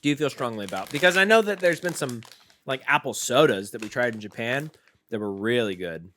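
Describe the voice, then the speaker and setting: Male podcast co-host, bright and animated, teasing and quick to laugh. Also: medium pitch, slight background noise. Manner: playful, teasing, laughs often. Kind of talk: casual snack-tasting chat.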